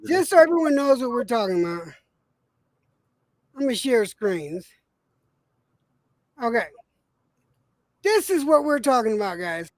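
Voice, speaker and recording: High-voiced, profane, argumentative man. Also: sing-song, unhurried, long pauses, no room sound. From New Mexico. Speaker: host. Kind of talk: casual chat.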